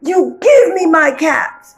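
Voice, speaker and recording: A woman voicing a loud, frustrated cap peddler. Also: high voice, very slow, voice pushed up, full character voice. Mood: demanding. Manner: loud, demanding, calls out. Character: frustrated male cap peddler, grown man. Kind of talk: storybook read-aloud.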